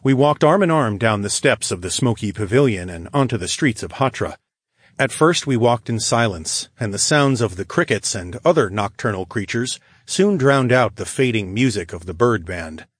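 A man narrating a story in the first person, calm and measured, as an audiobook narrator. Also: on the low side, slightly rough, no echo.

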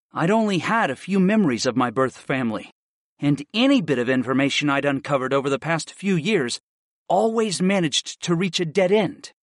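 A man narrating a fantasy audiobook in the first person, with a steady, expressive delivery. His voice sits a little high for a man and moves lively up and down. The sound is dry and close. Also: no room sound.

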